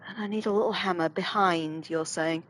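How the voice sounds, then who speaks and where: A woman's voice: on the low side, steady tone, moderate pace, low-quality recording. A woman casually commenting while playing a horror game, chatty and self-deprecating, thinking aloud. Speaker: let's play host.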